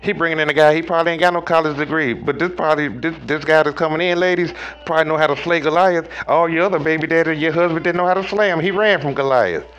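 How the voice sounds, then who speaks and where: A man giving a preachy tarot reading in a slangy, profane way, talking straight to viewers and swinging between loud highs and low murmurs. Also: fairly even intonation, quick pace, few pauses, faint music behind. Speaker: tarot reader.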